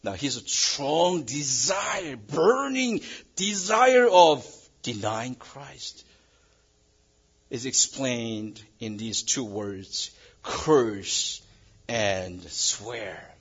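A male pastor preaching a sermon in English that is not his first language, swinging between loud emphasis and a quiet hush. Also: mid-range voice, sing-song, extremely slow, breathy edge, lo-fi sound. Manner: non-native English phrasing.

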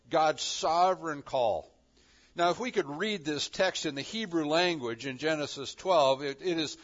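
A man preaching a sermon, acting out the voices of God and his listeners with lively emphasis. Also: on the high side, dull audio.

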